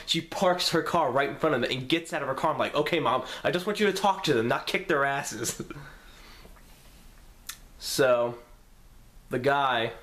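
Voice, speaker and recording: A young man vlogging a story to camera in a casual, profane, animated way, acting out what each person said. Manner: animated, profane, acts out quotes with pitch jumps.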